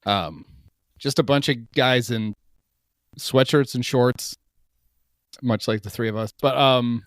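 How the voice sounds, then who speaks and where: A man's voice: mid-range voice, takes it slowly, a bit bright, no echo, clean studio sound. A man hosting a casual sports podcast, joking and rambling with restarts. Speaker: podcast host.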